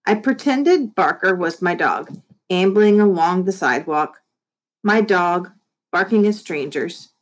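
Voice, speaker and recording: A friendly, expressive woman reading a chapter book aloud to children. She speaks straight to her young listeners in a warm read-aloud tone, giving the story lively shading as she goes. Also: lowish voice, a little slow. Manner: friendly, expressive, addresses kids directly.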